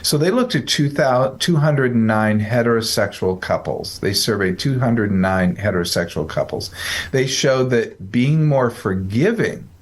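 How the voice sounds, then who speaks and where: A man's voice: medium pitch, lively intonation, unhurried, breathy edge. Psych podcast host guy, chatty, trips over his words, cracks little jokes. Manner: rambling, self-correcting, joking. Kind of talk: casual podcast chat.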